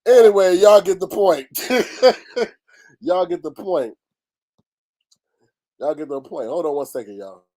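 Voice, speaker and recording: Brief: casual male commentary host, pitched a little high, loose and slangy. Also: takes it slowly, pauses often. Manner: animated, loose and talkative, with slang and profanity.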